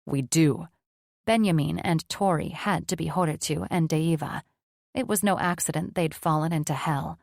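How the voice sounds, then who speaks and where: Narrator: woman, somewhat low voice, dry close recording, measured read. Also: vocal fry, dry recording. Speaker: audiobook narrator. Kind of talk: scripted narration.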